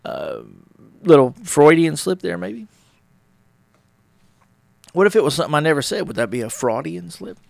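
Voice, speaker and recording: Gravelly man rambling on his podcast. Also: fairly high pitch, animated, normal speed, long pauses, no room sound, clean studio sound. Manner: rambling, conversational, acts out little dialogues. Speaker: podcast host. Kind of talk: casual solo talk on relationships.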